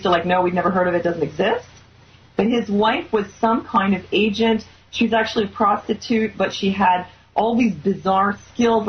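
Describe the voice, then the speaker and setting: A woman hosts a talk show, retelling a story in an earnest, filler-laden way. Her pitch sits in the middle, and the recording sounds slightly dull and lo-fi. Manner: earnest, recounting with many fillers. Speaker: host.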